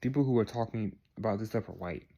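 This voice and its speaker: A young man speaking in a slightly low voice, sincere and insistent. He talks straight to the camera, circles back to the same points, and tags them with a quick check for agreement. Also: gravelly, warm tone. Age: young adult. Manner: earnest, repeats points, tags lines with "all right?". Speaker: vlogger. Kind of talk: direct-to-camera monologue.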